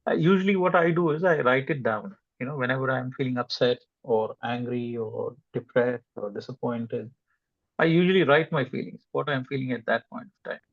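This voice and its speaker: Gravelly man on a dull call line. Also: mid-range voice, normal speed, no room sound. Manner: appreciative, hesitant with fillers. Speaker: meeting participant asking a question. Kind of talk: casual chat.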